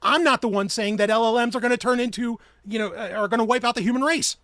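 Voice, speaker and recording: A man's voice: very high voice, fast, a bit bright, no echo, studio quality. A man hosting his own podcast, ranting in a heated, profane and sarcastic way. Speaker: podcast host. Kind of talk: ranting solo podcast talk.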